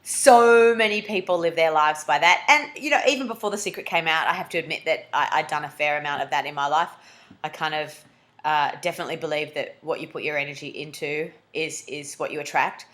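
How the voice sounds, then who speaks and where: An Australian woman talking to camera in a comic confessional vlog, animated and jokey, now and then jumping into a squeaky high voice. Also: a little fast. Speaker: vlogger.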